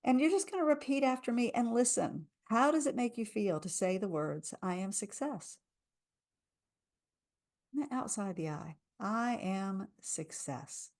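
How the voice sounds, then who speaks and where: A woman's voice: fairly high pitch, expressive, a little fast, vocal fry, few pauses, a little mellow. A woman coaching a live tapping session, speaking soothing lines for listeners to repeat. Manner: soothing, leads repeat-after-me affirmations.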